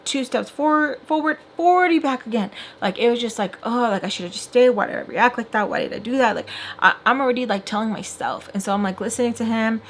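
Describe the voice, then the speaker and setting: A woman's voice: a little high, fast talker, slight background noise. A young woman vlogger telling a long personal story in casual chat while doing makeup, full of fillers and acted-out quotes. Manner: chatty, filler-heavy, acts out quoted voices.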